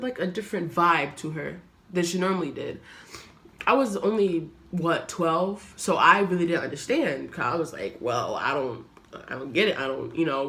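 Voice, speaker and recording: A young woman vlogger speaking earnestly to her camera, telling a personal story in a halting, reflective way. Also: lowish voice. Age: young adult.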